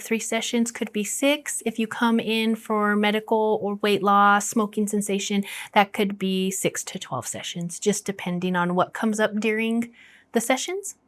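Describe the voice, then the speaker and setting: A woman speaks as a hypnotherapist in a relaxed interview, talking at length and often affirming with a quick "yes". Her voice sits at an ordinary middle pitch. The recording is dry and close, with no room sound. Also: dry recording. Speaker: clinical hypnotherapist. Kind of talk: casual interview talk.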